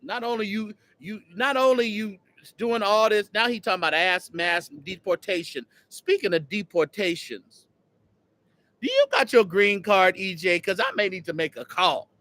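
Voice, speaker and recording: A man hosting a casual livestream outdoors, mocking and teasing someone in an animated way. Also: high voice, moderate pace. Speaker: host.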